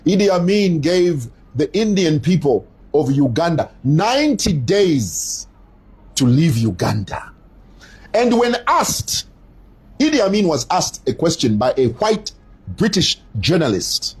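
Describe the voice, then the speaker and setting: Brief: middle-aged man, very husky voice, animated opinion host. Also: fairly high pitch, low-quality recording. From Zambia. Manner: animated, storytelling, drawn-out emphasis. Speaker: commentator. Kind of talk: opinionated commentary.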